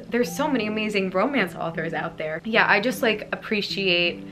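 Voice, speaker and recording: A young woman talks through her book picks in a loose, rambling vlog style, tripping over fillers and getting emotional easily. Her voice sits at an ordinary middle pitch for a woman. Clear background music plays underneath her the whole time. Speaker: book YouTuber. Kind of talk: casual chatty vlog.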